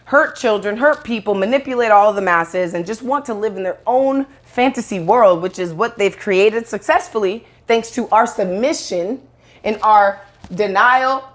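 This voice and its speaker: A woman's voice: mid-range voice, moderate pace. Blunt, profane woman talking to camera. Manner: rambling with restarts, acts out quoted voices. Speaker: online video host. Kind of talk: casual monologue to camera.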